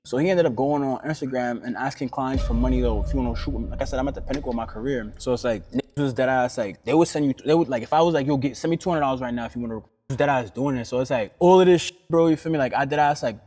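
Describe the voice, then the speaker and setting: A man's voice: medium pitch, rapid-fire, hardly any pauses, warm tone, big-room sound. A young man telling a story casually and animatedly, acting out the quotes in heavy slang.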